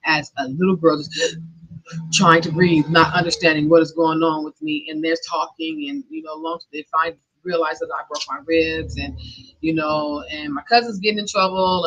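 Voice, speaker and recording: A middle-aged woman speaks into a lo-fi, muffled recording. Her voice is sharp and bright but husky, and she tells her own story in an earnest, emotional monologue with nervous little laughs. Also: low-pitched. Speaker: podcast host. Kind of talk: personal monologue. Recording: dull lo-fi recording.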